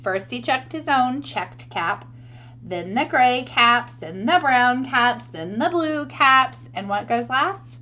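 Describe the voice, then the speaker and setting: A woman reading a picture book aloud to children, animated and asking her listeners questions. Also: a little high, slow pace, highs cut off. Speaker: storyteller for children.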